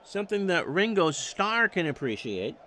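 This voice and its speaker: A man's voice: sits high, big pitch swings, moderate pace, bright, forceful tone, a little hiss or hum. A man calling baseball play-by-play, reading off stats with wry joking asides. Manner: stat-heavy calls with wry joking asides. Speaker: play-by-play announcer.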